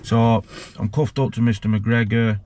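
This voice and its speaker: A man, a former prisoner, telling his story with halting emotion and many restarts. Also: on the low side, fairly even intonation, a little mellow, slight background noise. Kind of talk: candid personal storytelling.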